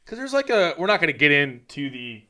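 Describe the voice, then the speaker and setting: A man's voice: a little high, very animated, brisk, sharp tone. A man in casual chat telling a story loosely, full of fillers like "like".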